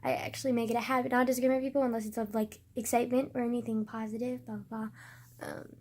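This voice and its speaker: A woman's voice: fairly high pitch, flat delivery, fast talker, a little mellow. A young woman vlogging in a casual, rambling way, swearing often and sometimes dropping into a whisper.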